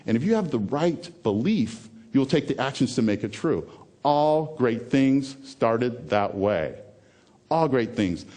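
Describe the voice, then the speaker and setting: Male motivational speaker, lively pitch, punchy repetition, drops to near-whispers for effect. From American South. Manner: emphatic, repeats key phrases, swings between loud and hushed. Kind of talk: TEDx keynote talk.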